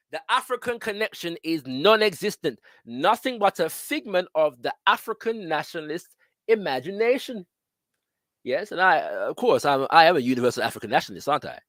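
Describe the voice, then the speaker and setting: A man with a fairly high, bright voice delivers an emphatic lecture, reading passages from books aloud. He keeps checking in with his listeners as he goes. The sound is dry and close. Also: dry recording. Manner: emphatic, checks in with listeners with frequent tag questions.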